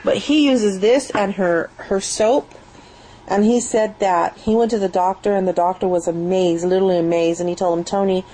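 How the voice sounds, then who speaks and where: A woman's voice: mid-range voice, steady tone, moderate pace, warm tone, low-quality recording. A young woman chatting enthusiastically at home in a rambling product review, recorded on a built-in webcam mic. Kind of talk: casual spoken product review.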